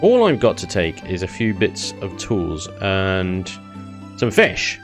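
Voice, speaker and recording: A joking, chatty man talks through his video game. His voice sits fairly low. Faint music plays beneath his commentary. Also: very animated, slow pace. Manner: chatty, joking, laughs often. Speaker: gaming YouTuber.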